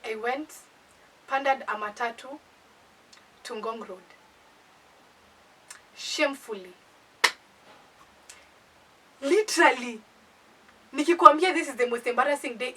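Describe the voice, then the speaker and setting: A young woman with a Kenyan accent telling a casual storytime, animated and indignant. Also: a little high, normal speed, pauses often, husky. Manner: animated, indignant, code-switching. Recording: voice distant from the mic.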